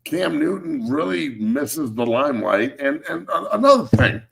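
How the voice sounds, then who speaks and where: A man in his thirties hosting a sports talk show, ranting in a heated, profane way with loud, emphatic swings. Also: a little high, very animated, moderate pace, vocal fry. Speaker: show host, former NFL lineman.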